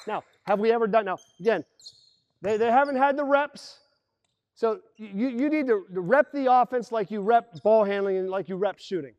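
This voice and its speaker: Man, basketball coach, high voice, energetic play calls, on-court teaching, ball bounces in the background. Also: normal speed, dry recording. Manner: energetic, calls out plays and acts out players' voices. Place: indoor basketball gym.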